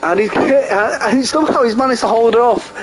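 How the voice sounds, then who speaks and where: A man giving casual live sim racing commentary, excitable and jokey, often laughing at his own crude remarks. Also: extremely high pitch, normal speed, slight background noise, low-quality recording. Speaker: race commentator.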